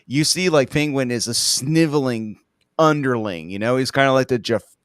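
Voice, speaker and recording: A man's voice: mid-range voice, moderate pace, clear, resonant tone, no room sound, studio quality. A man hosting a casual podcast about a film, jokey and swearing freely. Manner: loose, profane, jokey. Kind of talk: casual movie discussion.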